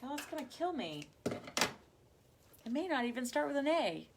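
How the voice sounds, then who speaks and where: A woman's voice: high-pitched, big pitch swings, unhurried, heavy background noise. A woman hosting a live craft demo from home, chatting to viewers as she works. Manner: chatty, talks to viewers as y'all. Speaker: craft livestream host.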